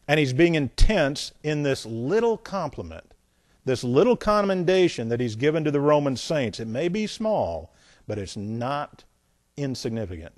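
This pastor's Bible lesson is delivered emphatically by a man with a fairly high pitch, who repeats phrases and swings from loud points to quiet asides. The recording is studio quality, free of echo.

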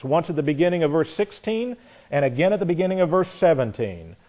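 Male pastor, sermon delivery, somewhat high voice with wide swings in pitch. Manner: animated preaching with storytelling and rhetorical questions.

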